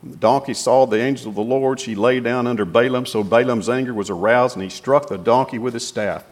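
A man preaching, retelling a scripture story in a folksy, animated way. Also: mid-range voice, fairly quick. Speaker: pastor.

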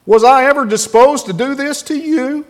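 Guy doing a whiny hurt donkey, super high and squeaky. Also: normal speed. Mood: pleading. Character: pleading female donkey, bewildered and hurt.

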